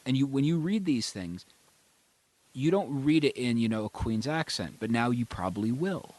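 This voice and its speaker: A man's voice: mid-range voice, lively intonation, normal speed, a little mellow. A man hosting a casual movie podcast, giving bold, enthusiastic opinions.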